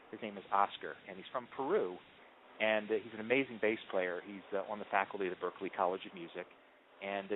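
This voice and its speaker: A man with a lowish voice tells his story with lots of ums and false starts, as if chatting about his work. The sound is thin and tinny, like a phone line, with a faint hiss underneath. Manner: animated storyteller, frequent ums and restarts. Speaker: marketing executive guest. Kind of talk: conversational interview answers.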